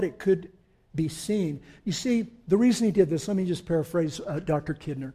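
A male pastor preaching a sermon, moving from quiet, conversational explanation with asides to the congregation into loud, emphatic declarations. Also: fairly high pitch, lively intonation, normal speed, slightly rough.

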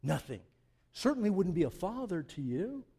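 A man preaching a sermon as pastor, swinging from loud, emphatic passages to quiet joking asides. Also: high-pitched, sing-song, moderate pace, husky. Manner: joking, conversational.

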